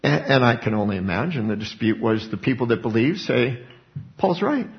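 A male preacher giving a sermon, expounding scripture earnestly and breaking into animated asides, on a dull lo-fi recording. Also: medium pitch, brisk.

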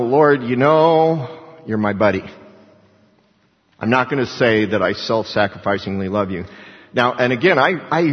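Husky-voiced man preaching in a hall. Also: highs cut off. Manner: conversational preaching, rises in pitch when quoting. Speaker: pastor. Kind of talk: sermon.

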